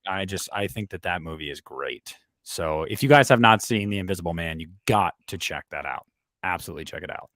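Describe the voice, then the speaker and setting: A man's voice: sits low, animated, a little fast, fairly bright tone, no room sound, clean studio sound. A man co-hosting a podcast, rambling through a casual chat with frequent restarts. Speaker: podcast co-host.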